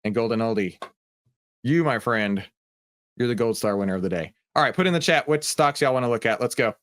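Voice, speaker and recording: A man's voice: medium pitch, a little fast, fairly bright tone. A man hosting a live trading stream, chatting casually and joking with viewers in the chat.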